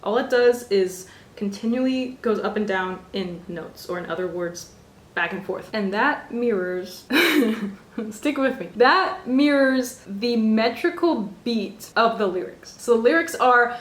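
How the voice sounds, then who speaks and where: A woman's voice: a little high, measured pace, roomy sound. A young woman vlogging from her bedroom, gushing about an album with frequent laughs. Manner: gushing, animated, laughs often. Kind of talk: casual chat.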